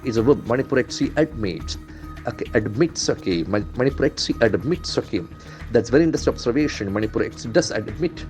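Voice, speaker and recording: A man's voice: mid-range voice, expressive, quick pace, darkish tone, faint music behind. A man from India, an English trainer, going through newspaper headlines in a lesson, spelling words letter by letter and repeating their pronunciation.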